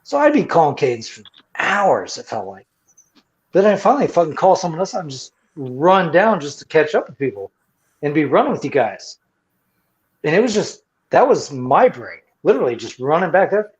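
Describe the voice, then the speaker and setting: A man in his forties, a Marine veteran hosting a casual chat, tells profane service stories with a lively, swooping voice. His pitch sits a little high for a man. The audio is muffled and lo-fi. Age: 40s. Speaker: podcast host, Marine veteran. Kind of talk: casual bar-room chat.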